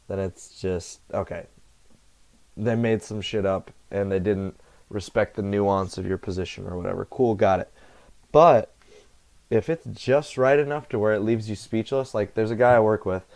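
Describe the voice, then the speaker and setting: A young male vlogger rambles casually to camera, meandering, swearing often and correcting himself along the way. His voice sits on the low side with a darkish tone, recorded through a computer headset setup.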